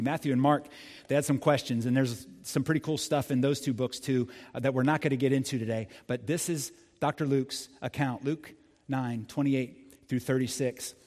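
A man preaching a sermon as pastor, animated and conversational, speaking directly to his congregation. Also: medium pitch, moderate pace, big-room sound.

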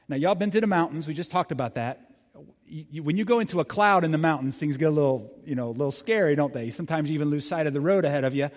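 A pastor delivering a sermon in a lively, conversational way, talking straight to the congregation. His voice sits a little high for a man. A long reverb from a large hall trails behind his words. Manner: animated, conversational, addresses the congregation.

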